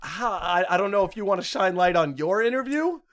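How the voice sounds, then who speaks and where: A young man hosting a podcast, telling a college story with lively quoted voices and frequent laughter. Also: high voice, fairly quick, crowd noise. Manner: animated storyteller, acts out quotes, laughs a lot. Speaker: podcast host. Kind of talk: casual storytelling chat.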